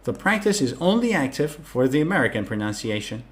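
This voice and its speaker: A man teaching English pronunciation in an online lesson, explaining clearly and sounding out words slowly to demonstrate. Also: mid-range voice, big pitch swings.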